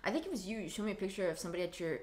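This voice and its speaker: Quick-talking woman co-host, mid-pitched and opinionated, for a casual pop-culture podcast. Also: sing-song, darkish tone. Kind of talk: casual chat.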